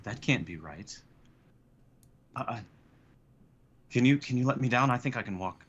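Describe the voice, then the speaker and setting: Pria memerankan wanita muda lemah yang genit. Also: male voice, medium pitch, expressive, moderate pace, fairly bright tone, lo-fi sound, a little hiss or hum, close to an everyday voice. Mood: wary.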